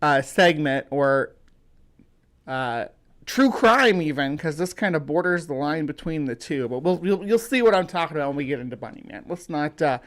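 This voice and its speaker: Rambling livestream host, fairly high voice. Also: male voice, lively intonation, a bit bright. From United States. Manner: rambling, halting, many fillers and restarts; greets viewers by name. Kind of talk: casual livestream chat.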